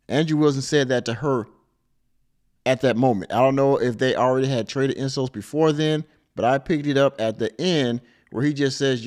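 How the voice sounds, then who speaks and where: A man's voice: mid-range voice, steady tone, moderate pace, darkish tone. A man hosting a live stream, reacting to a clip with wry, sarcastic asides. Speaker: podcast host reacting to a clip.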